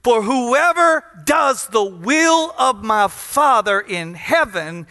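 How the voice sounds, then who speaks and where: A man from Louisiana preaching to a congregation in a joking, emphatic way, his voice pitched very high for a man and bright. The sermon rings out with a long reverb in a big church hall. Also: animated, slow. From Louisiana, USA. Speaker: pastor. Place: large church in front of a congregation.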